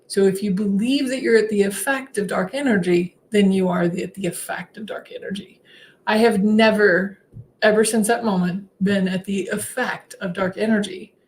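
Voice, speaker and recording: A woman hosting a spiritual livestream, telling her story casually and animatedly with frequent laughs. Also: a little hiss or hum. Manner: chatty, laughs often between sentences; animated, swings her voice up high when acting out her own replies.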